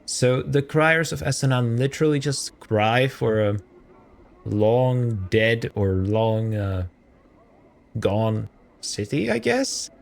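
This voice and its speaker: A man's voice: medium pitch, sing-song, slow pace, vocal fry. Musing man commenting while gaming. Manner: musing aloud, jokey and self-correcting. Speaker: let's play host. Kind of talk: casual gameplay commentary.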